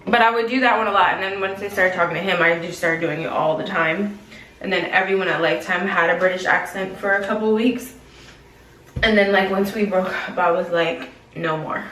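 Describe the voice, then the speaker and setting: A woman's voice: on the low side, steady tone, brisk, fairly bright tone, slight background noise. A young woman chats in casual vlog style, slangy and self-reflective. She sits a little way from the mic, and the room around her rings with echo. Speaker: vlogger. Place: gym. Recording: echoey room, mic at a distance.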